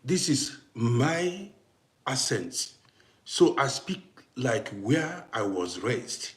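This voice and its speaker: A man's voice: mid-range voice, sing-song, extremely slow. African man live-streaming, roomy sound. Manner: talks to viewers in chat, grows heated and loud answering a critic. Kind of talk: casual live-stream chat. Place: home in Austria.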